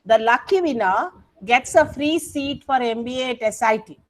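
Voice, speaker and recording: A low-quality video-call recording captures a woman teaching English grammar in an online coaching session. She has an Indian English accent and a voice on the high side at normal speed, and she keeps prompting students to reply while filling gaps with fillers and fixing her own words.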